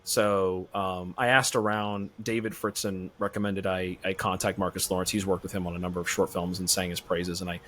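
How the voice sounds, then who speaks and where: A man being interviewed as a filmmaker guest on a podcast, talking in a relaxed, rambling way. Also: sits low, a little fast, hardly any pauses.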